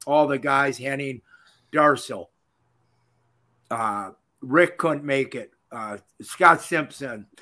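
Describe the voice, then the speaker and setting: A man, telling stories as a guest in a casual interview, folksy and animated, laughing often. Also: mid-range voice, slow pace, long pauses. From Minnesota. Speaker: guest, retired pro wrestler.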